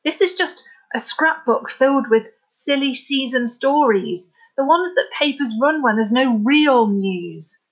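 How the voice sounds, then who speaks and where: A woman's voice: high-pitched, lively intonation, unhurried, voice pushed up, rough recording. A woman voicing a stern male police detective inspector who talks with menacing authority in an audiobook. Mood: dismissive.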